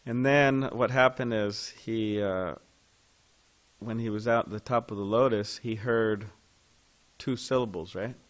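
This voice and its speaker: Leading a devotional class on scripture inside a temple, a man speaks in a slightly low voice. He keeps things casual and chatty, pausing to ask the people listening questions.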